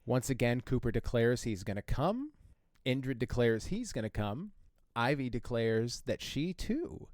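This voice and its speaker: A man co-hosting a podcast, casually recounting a book's plot with halting fillers and frequent laughs. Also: medium pitch, expressive, darkish tone, no room sound, studio quality. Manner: laughs often while telling. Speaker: podcast co-host. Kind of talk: casual chat retelling a book.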